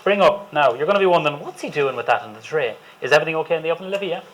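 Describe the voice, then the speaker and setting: Chatty Irish chef, slightly high voice. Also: male voice, expressive, racing, fairly bright tone, a little hiss or hum, low-quality recording. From Ireland. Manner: chatty, enthusiastic, jokes with the audience. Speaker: chef giving a cooking demonstration. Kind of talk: live cooking demonstration to an audience. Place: demonstration space with a live audience.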